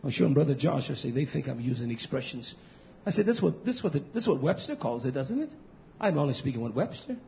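A man preaching an impassioned sermon, swinging between low mutters and shouted outbursts, drawing out and repeating words for emphasis. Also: gravelly. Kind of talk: fiery sermon. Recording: dull lo-fi recording.

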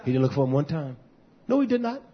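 A man preaching a fiery sermon, swinging from shouts to low mutters. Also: sing-song, fast, slightly rough, highs cut off.

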